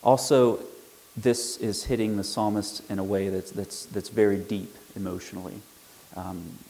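A man giving an explanatory Bible lecture, measured in tone and leaning hard on key words with sudden emphasis. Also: on the low side, darkish tone, low-quality recording. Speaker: Bible teacher.

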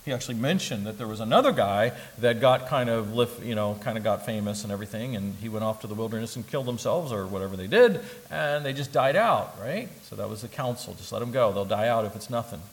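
A man preaching a sermon, animated, dropping to soft asides and rising to loud emphatic bursts, with humorous asides. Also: lowish voice, quick pace, hardly any pauses, rough recording. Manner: humorous asides and joking impressions. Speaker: pastor.

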